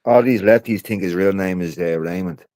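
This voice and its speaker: A man's voice: low-pitched, moderate pace, darkish tone, no room sound, clean studio sound. A man making brief, wry interjections during casual podcast banter.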